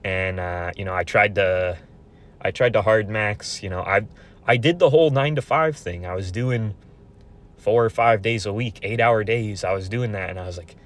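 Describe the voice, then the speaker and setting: Brief: twenty-something guy, low voice, swearing a lot, rambling vent with lots of restarts. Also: normal speed. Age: 20s. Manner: profane, rambling, frequent restarts. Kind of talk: casual venting monologue.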